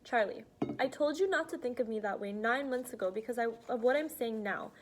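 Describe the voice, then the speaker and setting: Woman reading earnest teen girl, soft but insistent, slightly high voice, audiobook. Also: brisk, background noise, lightly acted. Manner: earnest, pleading, soft-spoken. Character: teenage girl, earnest and frank.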